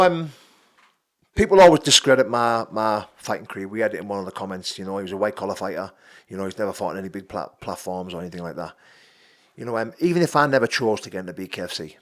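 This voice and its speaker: A man in his thirties with a Geordie accent, talking as a podcast guest. He speaks bluntly and swears freely. He drops to a low, quiet voice at times, then pushes out loud and emphatic. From North East England. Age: 30s. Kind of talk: casual podcast chat.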